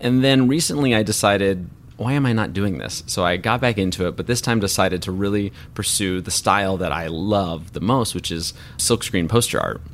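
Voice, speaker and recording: A man with a very low, deep voice shares his own story as an interview guest. He talks in an earnest, reflective way and is openly moved by what he remembers. He sounds like a thoughtful performer in his thirties. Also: moderate pace, slight background noise. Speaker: voice actor and artist guest.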